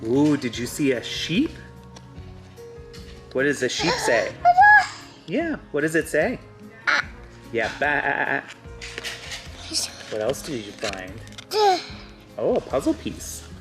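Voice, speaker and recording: A woman's voice: very deep voice, wildly swooping pitch, takes it slowly, long pauses, over loud music. A woman in sing-song baby talk with a toddler, coaxing and imitating animal sounds. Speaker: mother.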